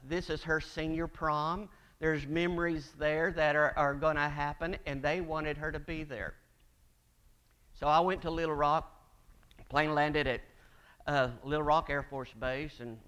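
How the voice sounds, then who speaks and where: A man's voice: fairly high pitch, a bit bright, smooth. A middle-aged man preaching a sermon, telling folksy stories and acting out the voices of the people in them. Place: church sanctuary.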